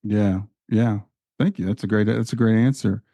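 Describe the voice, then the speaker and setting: A man's voice: fairly low pitch, fairly even intonation, normal speed, warm tone, no echo, lo-fi sound. A man hosting a podcast interview, speaking earnestly and often restarting his sentences. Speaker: podcast host.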